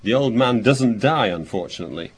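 A man preaching a sermon, reading verses aloud and explaining them, thinking aloud with pauses and restarts. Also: medium pitch, lively intonation, a little hiss or hum. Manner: expository, reads scripture aloud and explains it.

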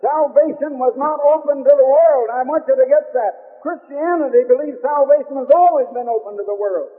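A man's voice: extremely high pitch, moderate pace. An older man preaching a sermon, emphatic, repeating key phrases for weight. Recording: phone-like old radio broadcast with long reverb.

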